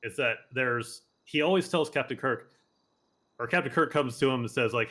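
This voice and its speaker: A man's voice: mid-range voice, normal speed, a bit bright. A man playing a senior lawyer in an online roleplay, giving advice in a patient, explanatory way with many filler words. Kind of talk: casual in-character mentoring chat.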